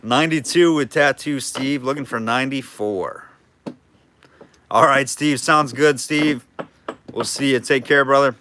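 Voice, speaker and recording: A man calls a live auction and chats easily with his viewers. His voice is bright and forward at a middle pitch. He jokes with them between bids. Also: a little slow, slight background noise. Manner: chatty, jokey, reads out bids and names viewers. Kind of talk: live online auction calling.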